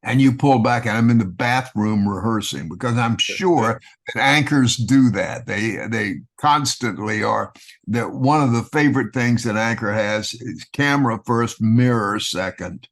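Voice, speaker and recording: An older man from Texas with a Texan accent, telling animated stories as an actor guest and slipping into a broadcaster voice. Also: mid-range voice, unhurried. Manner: animated anecdotes with broadcaster-voice impressions. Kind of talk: casual storytelling.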